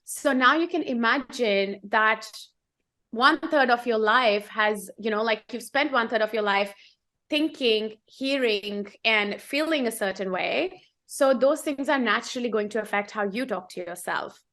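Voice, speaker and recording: A woman's voice: on the high side, measured pace, a bit bright. A woman co-hosting a casual coaching chat, explaining in an earnest way and repeating phrases for emphasis. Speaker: co-host.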